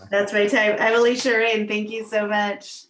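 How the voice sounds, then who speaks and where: A woman doing a stand-up comedy set on a video call, with a wry, self-mocking delivery and drawn-out punchlines. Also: mid-range voice, little pitch movement, a bit bright, a little hiss or hum.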